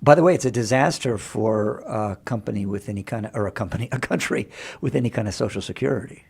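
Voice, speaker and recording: A man co-hosts a radio talk show and talks very fast in casual studio chat. His voice is gravelly with a husky edge. He trips over his words as he rushes to make his points. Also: on the low side. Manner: quick, rough-edged, stumbling into his points.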